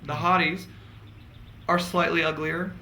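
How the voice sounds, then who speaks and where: A man's voice: fairly high pitch, flat delivery, measured pace, vocal fry, sharp tone, slight background noise, low-quality recording. A man telling candid, campy stories to friends as a casual vlog, laughing often. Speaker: vlogger. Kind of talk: casual gossipy storytelling.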